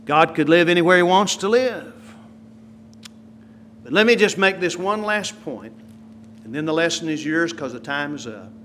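A man preaching a sermon, swinging from quiet, slow asides to loud, emphatic lines. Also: fairly high pitch, expressive, a little hiss or hum.

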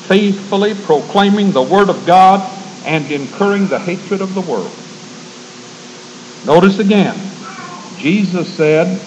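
An earnest man delivers a measured sermon, quoting scripture between his own remarks. His voice sits somewhat higher than most men's, and a faint ambient hum runs underneath. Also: poor audio. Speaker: preacher.

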